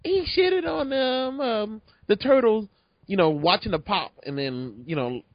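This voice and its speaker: A man's voice: high-pitched, animated, a little slow, no room sound, dull audio. A man co-hosting a podcast, joking and making vivid comparisons about a movie. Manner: jokey, uses vivid comparisons. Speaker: podcast co-host. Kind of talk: casual movie review chat.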